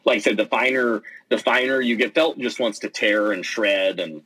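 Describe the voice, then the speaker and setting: Brief: male guest, low husky voice, chatty storyteller acting out quotes. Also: normal speed, poor audio. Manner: animated storytelling, acts out quotes, many fillers and restarts. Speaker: interview guest, pennant maker and player. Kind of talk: casual storytelling in an interview.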